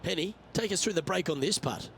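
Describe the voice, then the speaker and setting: Brief: golf game announcer, lively pitch, crowd and noise underneath. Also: male voice, vocal fry. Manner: brisk, reporting each shot. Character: upbeat adult male golf announcer. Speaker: play-by-play golf commentator in a video game. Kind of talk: scripted sports commentary. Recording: crowd murmur and noise behind.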